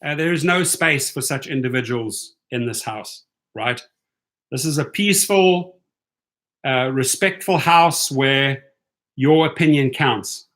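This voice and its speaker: Bright-voiced man chatting on a livestream. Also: mid-range voice. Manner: chatty, keeps asking "right?". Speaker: rideshare channel host. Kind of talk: casual livestream chat with viewers.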